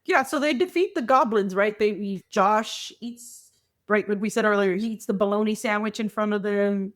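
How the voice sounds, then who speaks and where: A woman's voice: medium pitch, normal speed. A woman co-hosting a podcast, rambling through a story in casual chat and acting out little quoted asides. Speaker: podcast co-host.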